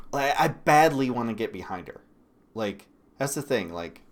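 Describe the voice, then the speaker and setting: A Michigan man hosts a political commentary livestream in a voice on the low side. He's blunt and swears often, breaking into sudden loud bursts between quieter asides.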